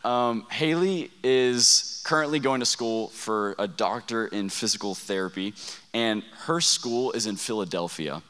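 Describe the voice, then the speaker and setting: Speaking a little slowly in a smooth, fairly bright, lowish voice, a young man preaches to students at camp as their youth pastor. His delivery is conversational, full of stories and questions to the audience, and a large hall lends long reverb.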